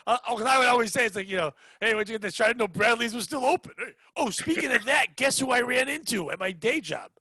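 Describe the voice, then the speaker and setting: A man from hosting a casual comedy podcast, joking in quick riffs and acting out the people he quotes. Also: very high voice, expressive, pushed and bright, husky, no room sound. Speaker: podcast host.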